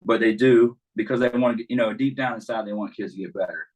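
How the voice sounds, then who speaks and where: Talking fast in a low, darkish, husky voice, a baseball coach guests on a casual podcast and tells stories in an easygoing manner, with many restarts and fillers. The audio is poor.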